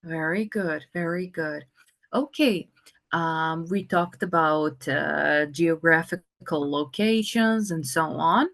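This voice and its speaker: Slow-speaking woman teaching English. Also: deep voice, gravelly, fairly bright tone. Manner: slow, patient, many fillers. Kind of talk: online conversation lesson.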